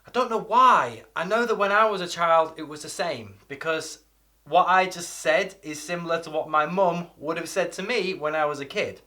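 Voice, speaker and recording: A middle-aged British man with a British English accent, teaching an energetic English video lesson and acting out examples with shifting intonation. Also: on the high side, moderate pace. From Britain. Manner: lively, acts out examples with changing intonation.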